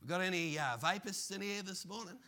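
A man preaching a sermon as pastor, animated and full of playful asides. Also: high voice, brisk.

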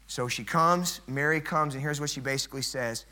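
A middle-aged man preaching a sermon as pastor, swinging from loud, emphatic build-ups to hushed, low passages. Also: moderate pace.

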